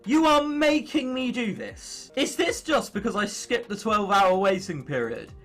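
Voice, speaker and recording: Young male let's player, high bright voice, sarcastic and fed up, curses a lot, soft music underneath. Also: animated, normal speed. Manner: exasperated ranting with frequent swearing. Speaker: video game let's player. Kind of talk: gameplay commentary.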